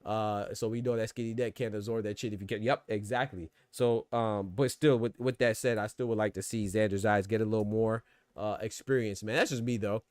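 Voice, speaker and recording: A man's voice: on the low side, steady tone, fairly quick, dry recording. Slangy man hosting a boxing podcast. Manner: slangy, loose and conversational, reacting to chat. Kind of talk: casual podcast commentary reading live chat.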